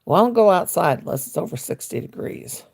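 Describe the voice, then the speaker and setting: Older woman, livestream host at home; low, gravelly, husky, folksy chat. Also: lively intonation, brisk, darkish tone. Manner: folksy, chatty, reads and answers viewer comments. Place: at home, sitting in her chair.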